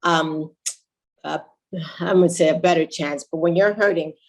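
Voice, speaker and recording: A woman with a very low voice co-hosts a relaxed podcast conversation. She thinks aloud, pauses, and reworks her sentences as she goes. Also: low-quality recording. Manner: thoughtful, halting, restarts mid-thought. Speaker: podcast co-host.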